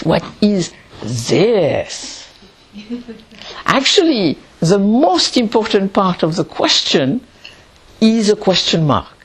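Slow, calm woman teaching Zen. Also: medium pitch, slightly rough. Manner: slow, calm and reflective, with long pauses. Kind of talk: meditation teaching talk.

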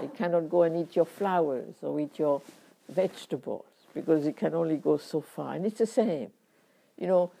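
A middle-aged woman teaching meditation, reflective and unhurried, speaking in short phrases with frequent pauses. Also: lowish voice, gravelly, warm tone.

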